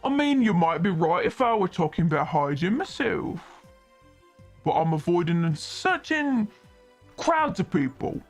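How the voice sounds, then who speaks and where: A woman voicing a calm, guarded man at a bar, reading game dialogue in a measured, patient way. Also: on the low side, soft background music, voice pushed down, full character voice. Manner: measured, explaining himself patiently.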